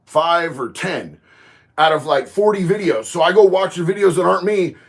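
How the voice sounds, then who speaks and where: A man, chatting casually on a livestream, reading viewer comments and getting loud and emphatic on his opinions. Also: high-pitched, normal speed, creaky. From Florida. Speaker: livestream host.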